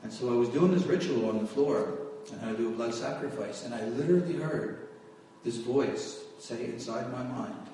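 Male preacher telling his story from the pulpit, mid-pitched, caught by a distant mic in a very echoey hall. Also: normal speed, warm tone, slight background noise. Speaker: preacher giving testimony. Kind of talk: testimony sermon.

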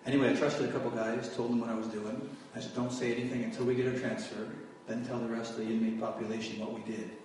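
Male preacher telling his story from the pulpit, mid-pitched, caught by a distant mic in a very echoey hall. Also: flat delivery, fast talker, few pauses, a little mellow, a little hiss or hum. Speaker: preacher giving testimony. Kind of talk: testimony sermon.

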